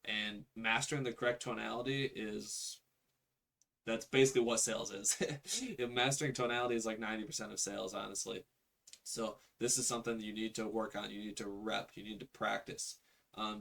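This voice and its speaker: A man's voice: on the low side, gravelly, a bit bright. A man teaching real estate sales calls in a casual way, reading through a script on screen and acting out the sample call lines. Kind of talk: instructional screen walkthrough.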